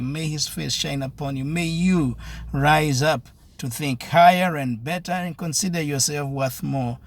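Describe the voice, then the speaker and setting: A male preacher with a somewhat high, gravelly voice. He builds his message through earnest, repeated exhortations, pressing each point again and again. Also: slight background noise. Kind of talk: devotional sermon.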